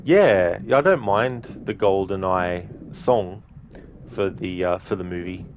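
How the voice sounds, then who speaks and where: Male game streamer, lower voice, easygoing chat with viewers, quick to laugh. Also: lo-fi sound, slight background noise. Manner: chatty, laughs often, chats to viewers by name. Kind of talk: casual livestream chat while gaming.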